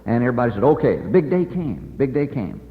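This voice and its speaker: A man preaching a folksy, animated sermon, telling the story and acting out the voices with lots of "uh" and "boy" fillers. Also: mid-range voice, quick pace. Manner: animated, acts out characters with many "uh" and "boy" fillers. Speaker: evangelist preacher. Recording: tinny phone-like sound in a large reverberant hall.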